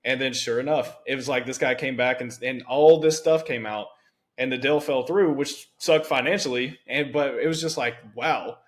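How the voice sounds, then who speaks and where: A man's voice: medium pitch, normal speed. Podcast host, young man, chatty storyteller, mid-range voice. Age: young adult. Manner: animated storytelling with many "it's like" asides. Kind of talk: conversational interview.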